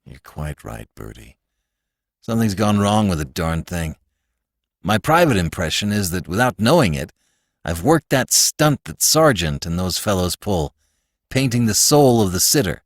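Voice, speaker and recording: A man's voice: deep voice, sing-song, normal speed, no room sound, studio quality, heavily acted. A man narrating an audiobook, voicing an anxious young male painter who talks in a subdued, worried, hesitant way. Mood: gloomy.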